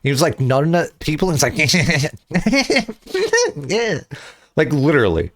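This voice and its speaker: His mid-range voice races along as the young man streams and chats, telling rambling, animated stories laced with curses and plenty of laughs.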